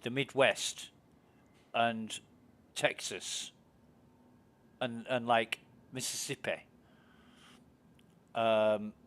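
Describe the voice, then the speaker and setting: A chatty British man who talks casually to friends while he streams a game. He asks question after question in an ordinary, mid-pitched voice. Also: steady tone, very slow, long pauses, fairly bright tone. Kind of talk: casual chat while gaming.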